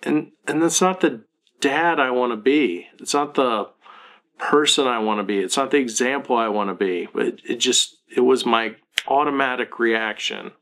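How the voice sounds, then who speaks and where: A man's voice: medium pitch, normal speed, a bit bright. A man in his thirties, a parenting blogger, talking earnestly and self-critically to camera in a confessional vlog.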